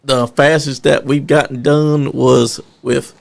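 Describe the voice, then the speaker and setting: A man's voice: mid-range voice, flat delivery, takes it slowly, vocal fry. A man hosting a casual podcast, laid-back, chiming in with quips and follow-up questions. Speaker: podcast host.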